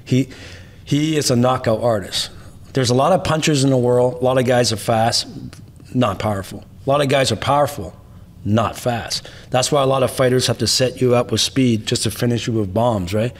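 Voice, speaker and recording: A man, a martial arts teacher, telling stories in an interview, emphatic and casual, stacking up repeated phrases and tagging points with a quick question. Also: medium pitch. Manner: emphatic, tags points with "right?"; repetitive rhetorical lists. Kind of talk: interview storytelling.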